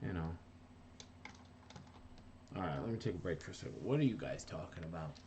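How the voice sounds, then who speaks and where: A man's voice: deep voice, lively intonation, brisk, darkish tone, a little hiss or hum. A middle-aged man from New Jersey, an animator chatting casually on a live stream while he works, reading viewer comments aloud and often breaking off mid-thought. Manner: rambling, self-interrupting, reads chat aloud.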